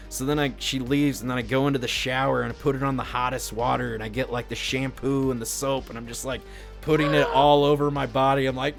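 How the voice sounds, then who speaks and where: A man's voice: mid-range voice, moderate pace, vocal fry, faint music behind. A man telling a rambling, crude story on his live stream, peppered with swearing and filler words. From Indiana, US. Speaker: livestreamer.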